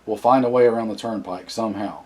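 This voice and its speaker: A man reading the part of a stubborn local man fleeing with his family, defiant and insistent, in a low voice. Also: fast, dark tone, close to an everyday voice.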